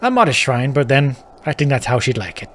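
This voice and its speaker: A gruff, wry druid, a plainspoken country man in a video game who speaks of old gods and omens with dry certainty. His voice sits at a middling pitch with a faint hiss of noise behind it. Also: big pitch swings, brisk, a bit bright. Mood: ominous. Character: plainspoken middle-aged male Irish druid hotel guest.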